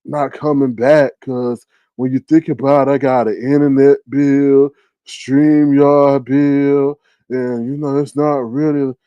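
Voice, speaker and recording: A man's voice: mid-range voice, flat delivery, slow pace, mellow, clean tone, no room sound, lo-fi sound, natural voice. A man mimicking a weary woman streamer who rambles hesitantly with fillers. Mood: complaining.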